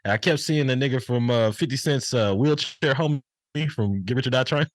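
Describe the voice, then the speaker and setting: A man co-hosting a podcast, chatting casually with lots of swearing, laughter and quick playful impressions. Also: medium pitch, dry recording. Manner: animated, laughing, mimics voices in quick asides. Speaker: podcast co-host. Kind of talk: casual profane chat.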